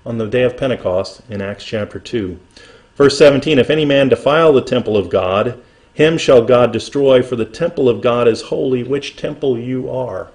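Middle-aged male pastor, earnest sermon delivery, reads verses slowly and lifts his voice for emphasis. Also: mid-range voice, darkish tone. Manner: earnest preaching, reading scripture slowly and rising in emphasis.

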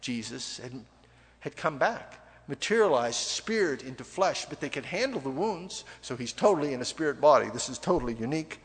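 A male pastor delivering a sermon in an animated, conversational way, swinging from loud emphasis to near-quiet asides. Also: mid-range voice, moderate pace. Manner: animated, conversational preaching with sudden dramatic drops in volume. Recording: long reverb of a large hall.

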